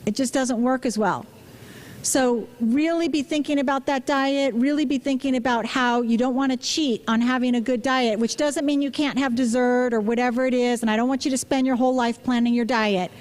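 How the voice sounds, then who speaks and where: A woman's voice: sits high, fairly even intonation, normal speed, darkish tone. A woman, a physician, giving a public talk and asking the audience questions, with many restarts and "you know" fillers. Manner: engaging, asks the audience questions.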